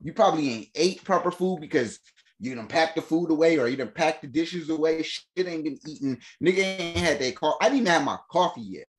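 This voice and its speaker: A man telling a long story in casual podcast chat, animated and slangy, laughing often and acting out the voices of the people in it. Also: a little high, fairly quick. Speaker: podcast host.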